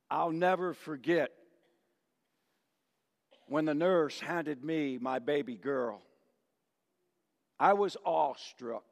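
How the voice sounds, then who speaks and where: An older male pastor delivers a sermon in an unhurried, emotive way. His voice sits high for a man, and he mixes stories and jokes with frequent chuckles. The sound carries a long reverb from a church sanctuary. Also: vocal fry.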